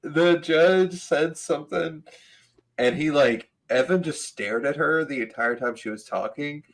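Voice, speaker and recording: A man's voice: fairly high pitch, unhurried, low-quality recording. A man hosting a casual chat, telling stories and laughing often as he talks. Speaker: podcast host.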